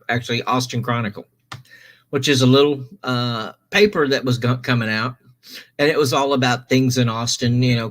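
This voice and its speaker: A man's voice: mid-range voice, fairly bright tone. A man hosting a stream, telling a long story casually, rambling with many restarts and self-corrections.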